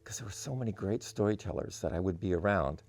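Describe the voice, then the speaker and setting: A man's voice: low-pitched, expressive, quick pace, darkish tone, soft background music. A man, a musician guest in an interview, telling stories in a rambling way with many "you know" fillers. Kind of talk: casual interview storytelling.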